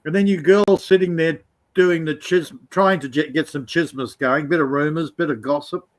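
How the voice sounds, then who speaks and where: A man's voice: on the high side, fairly even intonation, moderate pace. A man chatting on a live stream as a regular guest, teasing and sarcastic, mocking others with impressions. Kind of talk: casual live-stream chat.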